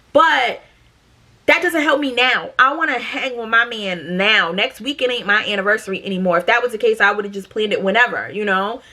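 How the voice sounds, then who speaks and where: A woman in her thirties from Massachusetts telling a storytime to camera in a blunt, profane, animated way. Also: medium pitch. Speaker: storytime vlogger.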